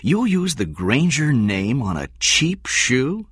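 A man's voice: medium pitch, big pitch swings, slow, fairly bright tone, breathy edge, no room sound, voice pushed up, exaggerated voice. A man voicing a blunt, principled male shoe executive in his forties, speaking dryly and firmly in a read story. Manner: dry, firm, plain-spoken.

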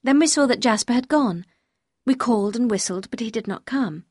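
A woman reading a novel aloud as first-person narrator, in a clear, measured storytelling manner. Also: on the high side, lively intonation, a little mellow, no echo, clean studio sound. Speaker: audiobook reader.

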